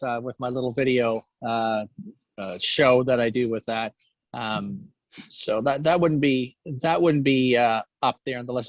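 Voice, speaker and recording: A man's voice: medium pitch, no echo. Hesitant man chatting, dry sound. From New Brunswick, Canada. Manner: halting, many fillers and restarts. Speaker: interview guest. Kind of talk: casual interview chat.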